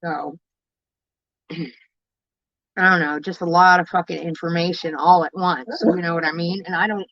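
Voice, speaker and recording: On her own livestream, a woman speaks candidly and emotionally to viewers in a lowish, fairly even, slightly bright voice. She is raw, swears constantly and keeps halting to restart her sentences. The home stream audio is dull and dry, with no room sound.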